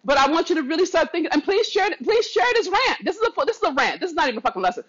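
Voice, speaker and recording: A woman's voice: extremely high pitch, very animated, racing, lo-fi sound. A woman vlogger giving an impassioned, preachy rant to camera, swearing freely and telling viewers she loves them. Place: not at home.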